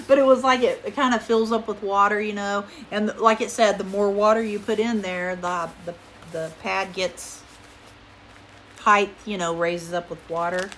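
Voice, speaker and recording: A middle-aged woman, chatting casually through a haul video at home, rambling and goofy, sometimes talking quietly. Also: mid-range voice, slight background noise. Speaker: vlogger. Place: home room, indoors.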